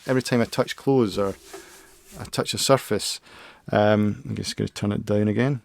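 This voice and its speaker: A man with a fairly low, gravelly voice and steady tone speaks at normal speed, giving a casual tech review from his desk into a close-up studio microphone. He rambles, hesitates, and restarts a lot.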